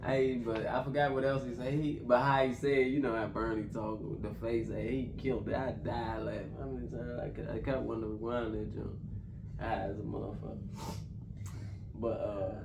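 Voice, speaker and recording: A man's voice: medium pitch, flat delivery, moderate pace. A man reviewing a film in casual chat, retelling scenes in a loose, profane, run-together way. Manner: loose, profane storytelling, slurring phrases together. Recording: roomy, distant mic with faint background noise.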